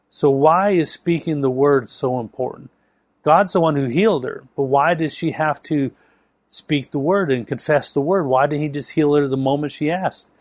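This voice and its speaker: A man's voice: medium pitch, dry recording. A man preaching a sermon, telling a story with emphatic delivery. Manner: storytelling with acted quotes, emphatic.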